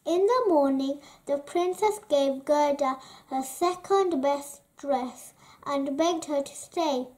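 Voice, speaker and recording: A woman reading a children's story aloud in a slow, deliberate way. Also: high voice, darkish tone. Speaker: storybook reader.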